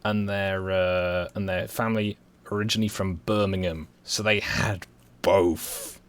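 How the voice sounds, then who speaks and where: A man's voice: sits low, fairly even intonation, measured pace, clear, resonant tone. A young man with a West Midlands accent giving rambling, dryly self-mocking commentary while he plays a game. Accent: West Midlands English. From West Midlands, England. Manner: rambling, dry self-mocking humor, thinking aloud. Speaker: streamer playing a game. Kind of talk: casual gameplay commentary.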